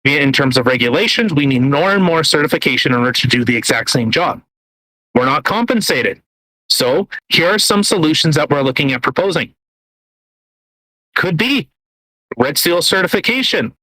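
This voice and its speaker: On a dry, rough-sounding recording, a man with a fairly high, pushed and bright voice speaks expressively at a moderate pace. Co-hosting a podcast, he meanders through offhand political talk, restarting sentences, using lots of fillers and swearing bluntly, all while eating at the mic.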